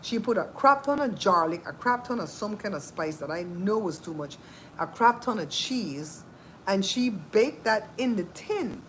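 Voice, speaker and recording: A woman's voice: medium pitch, a little slow, a little hiss or hum, low-quality recording. A woman hosting a cooking channel, talking in a casual, sassy, chatty way. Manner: animated, chatty, sassy asides. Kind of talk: casual chat.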